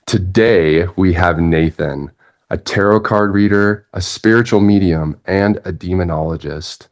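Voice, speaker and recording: A man's voice: low voice, a little slow. A man hosting an interview podcast, introducing his guest and asking questions in a casual, friendly way. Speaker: podcast host.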